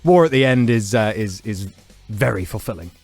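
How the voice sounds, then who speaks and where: A man's voice: on the low side, expressive, normal speed, darkish tone, faint music behind. A man reviewing films on a radio show, enthusiastic and giggly, his voice a bit throaty today. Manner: giggly, enthusiastic, self-mocking. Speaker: film reviewer guest. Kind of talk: radio film review chat. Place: radio studio.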